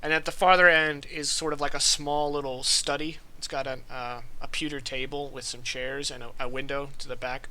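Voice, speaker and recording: A man's voice: mid-range voice, flat delivery, normal speed, hardly any pauses, pushed and bright. A man narrating a tabletop game as game master, describing scenes with many fillers.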